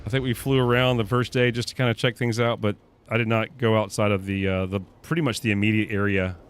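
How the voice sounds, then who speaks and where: A man's voice: on the low side, flat delivery, fast, a little hiss or hum. A young man streaming a survival game live, cursing, panicking and talking to his chat as he plays. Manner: profane, panicky, talks to chat. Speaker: gaming streamer. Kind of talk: live gameplay commentary. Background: faint game music.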